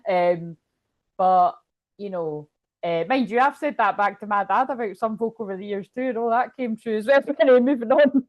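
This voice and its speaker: A woman's voice: on the high side, normal speed, dull audio. A Scottish woman talking casually at home as a tarot reader, rambling and laughing often. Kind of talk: casual livestream chat.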